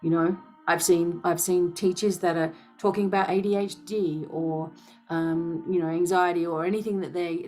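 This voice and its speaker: A woman with a fairly low, darkish voice speaks as a spiritual healer to her followers. Her monologue is passionate and emphatic, hammering each point with rhetorical questions and a recurring "okay?".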